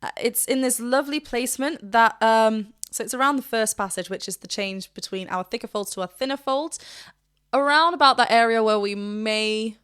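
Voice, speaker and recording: A woman vocal coach reacting to a song, gushing and rambling with quick restarts. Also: a little high, fairly bright tone, smooth. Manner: breaks into short sung demonstrations. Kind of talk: reaction commentary.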